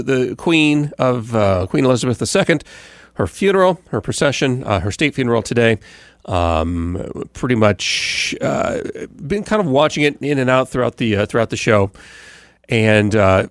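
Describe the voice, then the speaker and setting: A man's voice: medium pitch, dry recording, clean studio sound. A man who hosts a morning radio show, giving a casual rambling recap with many fillers and restarts. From United States. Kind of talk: casual podcast recap monologue.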